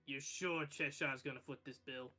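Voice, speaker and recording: A man voicing a dry, sarcastic woman innkeeper in a tabletop game, speaking in a deadpan, teasing way. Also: mid-range voice, normal speed, faint music behind.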